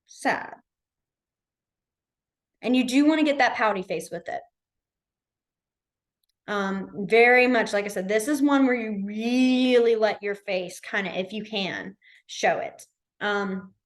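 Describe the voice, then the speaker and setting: A woman's voice: medium pitch, slow pace, pauses often. A young woman casually teaching a beginner sign language class online, chatty with many fillers. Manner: chatty, lots of fillers, demonstrative.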